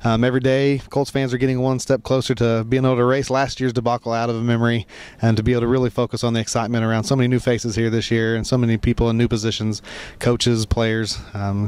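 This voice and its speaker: A man's voice: mid-range voice, little pitch movement, quick pace, darkish tone, smooth, no room sound. A man reporting from an outdoor football training camp, chatting and joking with fans in a teasing, playful way. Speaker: sideline reporter. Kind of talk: casual field interview.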